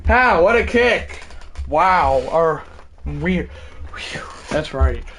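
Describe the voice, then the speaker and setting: A man giving excited play-by-play commentary over a football video game, calling it like a sportscaster and shouting on the big plays. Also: on the high side, extremely slow, a little hiss or hum. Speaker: gaming channel host.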